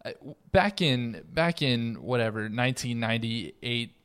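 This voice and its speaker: A young man hosting a podcast, steering the discussion in a relaxed, casual way. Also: mid-range voice, unhurried, clean tone. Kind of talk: casual chat.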